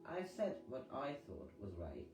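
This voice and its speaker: A man's voice: mid-range voice, huge pitch swings, a little slow. A man reading aloud who voices a terse, impatient young woman speaking curtly. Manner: curt, dismissive. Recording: echoey reading over guitar music.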